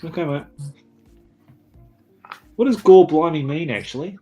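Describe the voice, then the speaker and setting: A man's voice: on the high side, expressive, measured pace, warm tone, faint music behind. A man with an Australian accent hosting a casual chat, jokey and laughing often. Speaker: podcast host.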